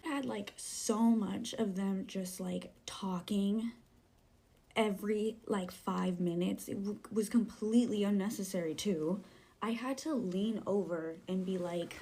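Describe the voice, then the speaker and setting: A woman vents to her phone camera in a slow, gravelly, husky voice. She is exasperated and profane, and some lines drop to a hissed whisper. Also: mid-range voice, warm tone. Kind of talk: casual rant to camera.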